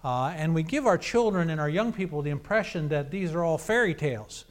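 A man's voice: fairly high pitch, animated, a little fast. A man preaching a sermon, telling a scripture account in a conversational, storytelling way.

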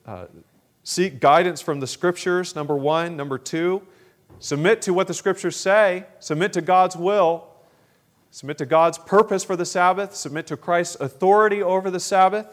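Slightly high-voiced man preaching a sermon. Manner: measured, with frequent fillers and throat clearing.

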